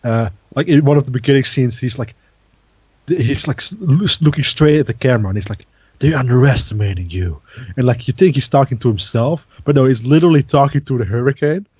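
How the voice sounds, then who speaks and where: Rambling man with a dull, mellow voice. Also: mid-range voice, fast talker, slightly rough, dry recording. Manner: rambling, filler-heavy, laughing. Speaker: podcast co-host. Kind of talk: casual chat.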